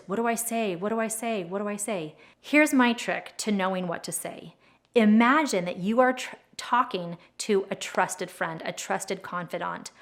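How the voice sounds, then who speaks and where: A young adult woman explaining a tapping technique as an educator, speaking gently and slowing down to stress key words. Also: medium pitch. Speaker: trauma educator and advocate. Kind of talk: instructional explainer video.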